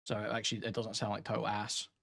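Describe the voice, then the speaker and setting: A man hosting a reaction commentary, talking loudly, swearing and reacting with animated outbursts while reading from posts. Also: fairly low pitch, fast, vocal fry. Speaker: commentary host. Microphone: studio mic with sound deadening.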